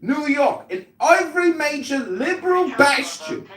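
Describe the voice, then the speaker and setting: A man delivers a mock-pompous political rant to the moderators of an audio chat room. His pitch swings widely and his tone is theatrical and lecturing. He sounds far from the mic in an echoey space. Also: expressive, a little slow, a bit bright. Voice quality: theatrical, over-formal, lecturing.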